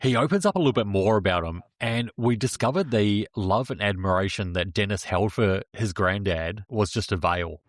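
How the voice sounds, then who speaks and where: A man's voice: on the low side, moderate pace, hardly any pauses, no room sound, studio quality. A man co-hosting a casual true-crime podcast, recounting the story plainly. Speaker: podcast co-host.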